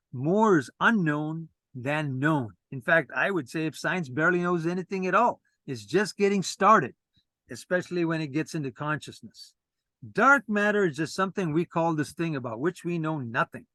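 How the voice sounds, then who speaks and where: A man's voice: sits high, sharp tone, no echo. A man presenting a lecture from a script, earnest and lecturing, with casual asides to a co-host.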